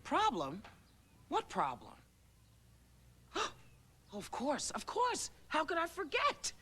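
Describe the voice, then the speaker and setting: A cheery, oblivious fairy godmother, bubbling along with wide, lively swoops in her voice. She sounds scatterbrained and sunny, as if on a children's TV show. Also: high voice, slow, a little hiss or hum, exaggerated voice. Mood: bubbly. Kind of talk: children's TV puppet acting.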